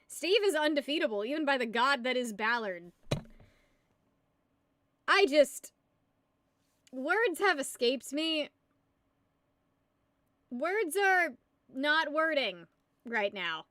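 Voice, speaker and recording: A woman's voice: high voice, a bit bright, no echo, clean studio sound. A young woman from the United States chatting casually on a live stream, giggling and rambling as she answers her chat. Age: young adult. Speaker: livestreamer.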